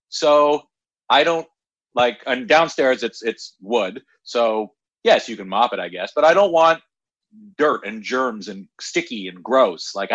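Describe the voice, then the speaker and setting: Brief: Canadian man, co-host, relaxed talker, dry, muted studio sound. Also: mid-range voice, no echo, lo-fi sound. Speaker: podcast co-host. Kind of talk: casual chat.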